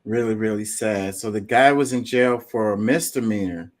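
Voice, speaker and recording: A man's voice: fairly low pitch, normal speed. Earnest man in casual chat. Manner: earnest, repeats "you know", reads news aloud.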